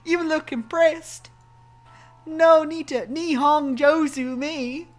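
Friendly male cafe customer, breezy, flirty, high bright voice, a woman doing the voice. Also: fairly even intonation, takes it slowly, faint music behind.

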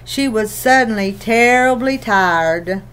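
Woman reading a children's novel aloud, gentle, even storytelling, slightly high voice. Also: slow, a little hiss or hum. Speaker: audiobook reader. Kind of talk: scripted narration of a children's novel.

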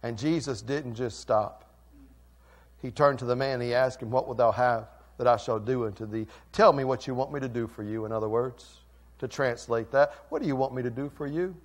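A male pastor preaching a sermon, swinging from quiet, intimate lines to loud, fervent ones. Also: mid-range voice, brisk. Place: church sanctuary.

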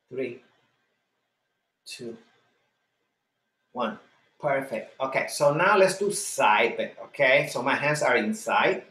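A man's voice: fairly high pitch, a bit bright, reverberant. A man leading a live online exercise class, counting repetitions, cueing breathing and encouraging students by name. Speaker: fitness instructor.

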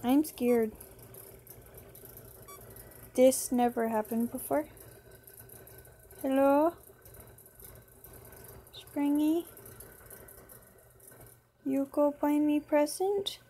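High-voiced, slow-talking woman gamer. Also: fairly even intonation, mellow. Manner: playful, talks to the game character. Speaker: gaming channel host. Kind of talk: horror game commentary.

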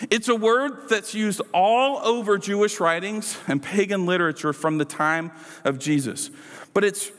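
A man's voice: high-pitched, a bit bright. A man preaching a sermon in a casual, conversational way, with playful asides to the congregation. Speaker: pastor. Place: church sanctuary. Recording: church hall reverb.

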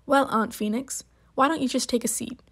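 A woman reads the part of an impatient clinic nurse in a storybook. Her questions come brisk and pressing, pitched on the high side. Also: steady tone, fairly bright tone, slightly rough.

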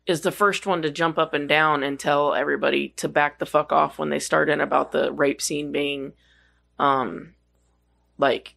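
Gravelly, bright-voiced podcast co-host. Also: mid-range voice, fairly even intonation, moderate pace. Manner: rambling, lots of fillers and swearing. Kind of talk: casual chat.

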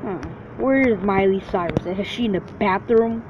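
A man's voice: sits high, a little slow. Brash swearing gamer guy, lo-fi. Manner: brash, trash-talking, swears constantly. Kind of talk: profane let's-play commentary. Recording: dull lo-fi recording with faint hiss.

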